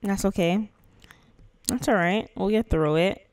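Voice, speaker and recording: Smooth-voiced woman chatting over gameplay. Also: mid-range voice, measured pace, a little mellow, no room sound, clean studio sound. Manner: chatty and playful, with slangy asides. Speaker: gaming channel host. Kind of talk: casual gameplay commentary.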